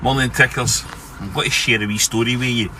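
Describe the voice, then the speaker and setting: A man with a Scottish accent telling an embarrassing story in a sheepish, deadpan way. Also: medium pitch, fairly quick, faint music behind. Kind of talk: casual storytelling to camera.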